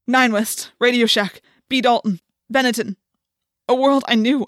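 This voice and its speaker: A woman's voice: a little high, fairly even intonation, unhurried, a bit bright, dry recording, clean studio sound. A woman narrating an audiobook in the first person, telling the story with intense, dramatic delivery.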